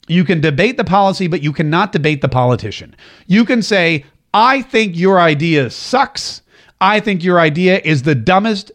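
Guy hosting political talk radio, kinda high voice that bounces all over, sarcastic. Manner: animated and sarcastic, repeats for emphasis.

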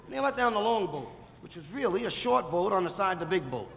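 A male comedian spins a slangy story in a high voice that jumps up and down all over. The old record sounds thin and hissy, with a long, ringing echo. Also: big pitch swings, fast, creaky, phone-quality sound.

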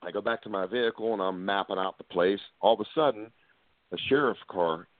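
A low-voiced man tells a story with energy, playing the people in it himself. His voice comes through a thin, tinny phone line. The sound is dry, with no room around it. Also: a little fast, dry recording. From Pennsylvania. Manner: animated storyteller, acts out the people he quotes. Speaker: guest researcher. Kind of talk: casual storytelling on a call-in show.

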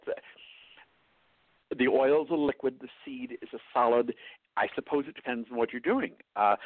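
A man's voice: medium pitch, no echo. A man with a New York accent, a cookbook author giving blunt, matter-of-fact cooking advice as a guest on a talk show. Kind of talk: casual advice on a phone-in show. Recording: dry tinny phone line.

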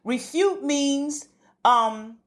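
A woman's voice: high voice, drawn-out words. A woman preaching a fervent, emphatic sermon and repeating words for emphasis.

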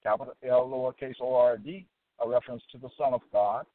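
A man presenting a religious talk, reading scripture verses in a slow, halting way with frequent fillers, then commenting on them. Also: mid-range voice, steady tone, dry recording. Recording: tinny phone-like dry recording.

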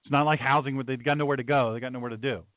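Emphatic preacher-host on a thin phone line. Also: male voice, medium pitch, steady tone, very fast, no echo. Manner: emphatic, preachy, repeats lines for punch. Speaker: pastor and talk show host. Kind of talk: opinionated talk show monologue. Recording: tinny, dry phone-like sound.

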